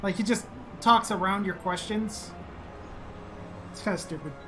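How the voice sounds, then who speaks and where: A chatty gamer commenting on their play in a mid-pitched voice, humming and muttering between lines. Game music runs clearly beneath the talk. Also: unhurried, pushed and bright. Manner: chatty, mutters and hums while playing. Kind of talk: casual gameplay commentary.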